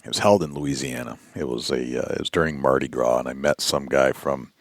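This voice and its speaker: A man's voice: a little fast, no room sound, clean studio sound. A man from New England hosting a casual interview, talking in a conversational way with stumbling restarts. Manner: conversational, stumbling restarts, lively pitch jumps. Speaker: podcast host.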